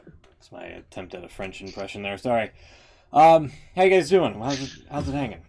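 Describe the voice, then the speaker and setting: A man's voice: medium pitch, very animated, moderate pace, gravelly, darkish tone. A man hosting a casual podcast, often stammering and repeating words as he talks. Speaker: podcast host.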